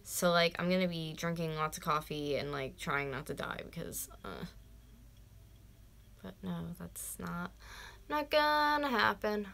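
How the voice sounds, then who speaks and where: Her low, gravelly voice holds a steady tone and an unhurried pace, with a fairly bright quality. She's a North American vlogger in her twenties, casually chatting and ranting on a live stream, swearing freely, saying "like" constantly, and at times whispering.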